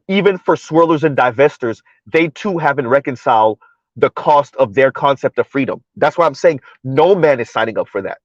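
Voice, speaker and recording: A man's voice: medium pitch, dry recording. Man livestreaming, dull lo-fi sound. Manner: talkative, repeats words, reads chat aloud. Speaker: livestream host. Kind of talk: casual livestream commentary.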